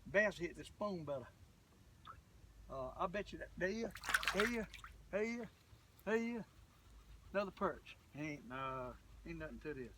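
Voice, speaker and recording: Excitable, high-voiced man fishing outdoors. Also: a little slow, pauses often, distant mic, background noise. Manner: excitable, folksy, talks to the camera. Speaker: fishing vlogger. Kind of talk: casual running commentary while fishing. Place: outdoors on a boat on a lake.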